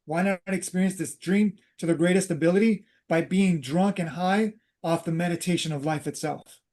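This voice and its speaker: A man's voice: sits high, moderate pace, a little mellow. A man hosting a talk, casually telling a personal story and drifting into spiritual teaching, with many fillers and restarts. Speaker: host.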